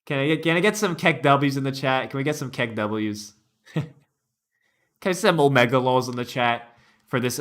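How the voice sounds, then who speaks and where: Slow, bright-voiced streamer reacting. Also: male voice, medium pitch. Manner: laughing, incredulous, profane. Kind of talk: casual reaction commentary.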